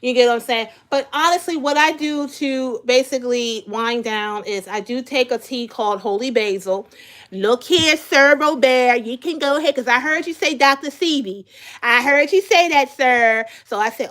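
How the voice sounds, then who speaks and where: Woman host, high voice, chatty live commentary aimed at the viewers. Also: normal speed, a bit bright. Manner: chatty, repeats words, talks straight to viewers.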